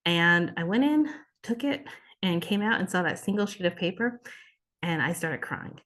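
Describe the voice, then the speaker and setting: Heartfelt, expressive woman telling her story. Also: mid-range voice, normal speed. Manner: heartfelt, expressive, restarts often. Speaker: interview guest, exam passer. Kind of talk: emotional personal story in conversation.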